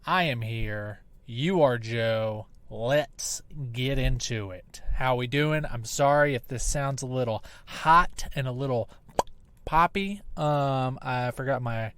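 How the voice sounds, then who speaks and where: A man's voice: medium pitch, takes it slowly, a bit bright. Profane man in his thirties podcasting. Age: 30s. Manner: profane, rambling, self-deprecating. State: recovering from back surgery. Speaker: podcast host. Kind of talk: casual solo podcast monologue. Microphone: laptop mic on a video call app, close and popping. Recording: hot, crisp, poppy laptop mic.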